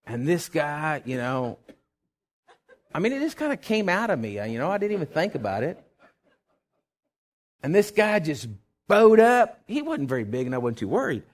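A middle-aged man, a pastor preaching a sermon and telling a personal story in a folksy, animated way. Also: a little high, normal speed, long pauses.

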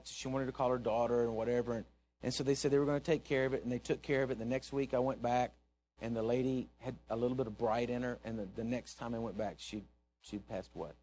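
A man, a pastor preaching a sermon in church, telling a story and swinging from hushed asides to loud exhortation. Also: medium pitch.

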